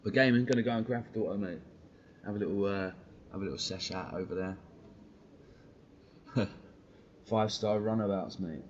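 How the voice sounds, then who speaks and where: A man's voice: lowish voice, normal speed, pauses often, muffled recording. Blunt, slangy man on stream. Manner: blunt, slangy, swears freely. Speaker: football fan streamer. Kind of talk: live stream rant.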